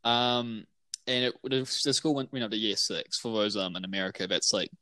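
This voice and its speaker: A man's voice: lowish voice, normal speed, pushed and bright, no room sound. A young man with a New Zealand accent, co-hosting a podcast in casual chat. He rambles, laughs often and restarts his sentences a lot. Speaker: podcast co-host.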